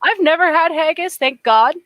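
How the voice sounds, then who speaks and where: A woman's voice: high-pitched, lively intonation, moderate pace, fairly bright tone, dry recording. A woman co-hosting a podcast, talking in an emphatic, opinionated way with frequent restarts. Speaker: podcast co-host. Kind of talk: casual opinionated chat.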